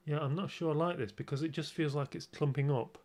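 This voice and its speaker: A man's voice: fairly high pitch, steady tone, fairly quick, darkish tone. A man on a casual livestream, chatting his way through a makeup tutorial in a rambling, self-mocking way with many restarts. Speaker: streamer.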